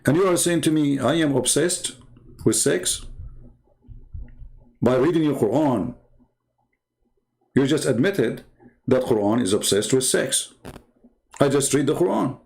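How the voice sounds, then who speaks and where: A man with a gravelly, mid-pitched voice gives heated polemical commentary as a channel host. He talks in a combative, mocking tone, firing rhetorical questions in non-native English grammar. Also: animated, a little slow, pauses often, a little mellow. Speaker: host of a religious debate channel.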